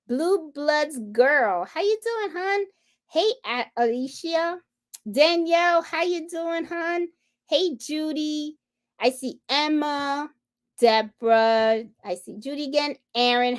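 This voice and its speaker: Lady hosting a live craft stream, high voice, chatty, saying hi to everyone in the chat. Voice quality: chatty, greets viewers one by one. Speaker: host of a live sewing and embroidery stream.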